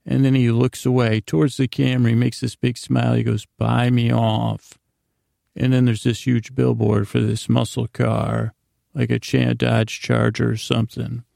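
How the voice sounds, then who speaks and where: A man's voice: mid-range voice, creaky, mellow, dry recording, clean studio sound. A man hosting a podcast, casually retelling a TV episode in a loose storytelling way, full of "he goes" and "like" asides. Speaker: podcast host.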